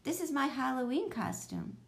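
A woman's voice: sits high, huge pitch swings, moderate pace, vocal fry, voice pushed up, heavily acted. A woman voicing an earnest young boy dressed as a monster, speaking in a plain, matter-of-fact way.

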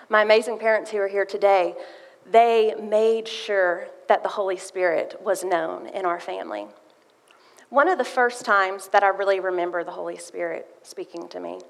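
A woman's voice: medium pitch, creaky, a bit bright. A woman giving a sermon with a personal testimony, telling her story earnestly and reading scripture aloud. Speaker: church speaker sharing a testimony. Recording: long hall reverb.

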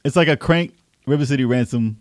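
A man's voice: mid-range voice, a little fast, dry recording, studio quality. A man co-hosting a gaming podcast in casual chat, teasing and laughing often.

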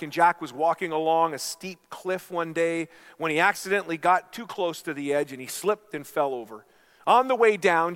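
Man, middle-aged, pastor, sermon, earnest storyteller, fairly high voice. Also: fairly bright tone. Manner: earnest storytelling, addressing listeners as friends.

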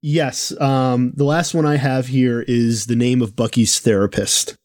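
A man's voice: mid-range voice, fairly even intonation, unhurried, darkish tone, no echo, studio quality. A man co-hosting a casual podcast, talking with many fillers and restarts. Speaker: podcast co-host.

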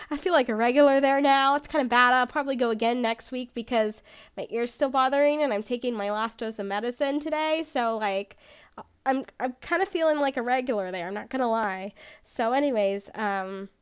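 A woman's voice: a little high, a little fast, clear, resonant tone. A woman hosting her own podcast in casual solo chat, rambling and self-deprecating, with lots of "like". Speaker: podcast host.

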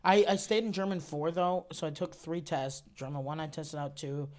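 A man's voice: fairly high pitch, normal speed. A young man chatting casually on a podcast, telling loose, rambling stories with plenty of fillers. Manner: rambling, relaxed storytelling with fillers. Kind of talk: casual chat.

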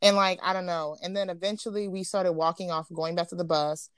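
Lively young woman telling a story. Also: fairly low pitch, a little fast, clean tone, dry recording. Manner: animated, slangy, acts out quotes. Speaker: podcast host. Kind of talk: casual storytelling chat.

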